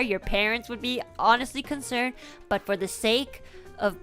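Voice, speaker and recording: A young woman from Canada telling a personal story in a casual, animated, emotional way, swearing now and then. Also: fairly high pitch, moderate pace, soft background music. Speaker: streamer.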